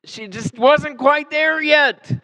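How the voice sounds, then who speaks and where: A male pastor preaching a sermon in a church, animated and conversational, acting out the people he quotes and asking his listeners questions. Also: extremely high pitch, slow, lo-fi sound. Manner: animated, acts out quoted voices, asks the congregation questions. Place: church sanctuary.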